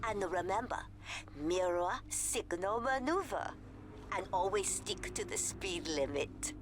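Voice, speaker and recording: A woman's voice: medium pitch, lively intonation, measured pace, background noise, natural voice. An actress playing a fond, motherly mother of a young racing driver, calling him love.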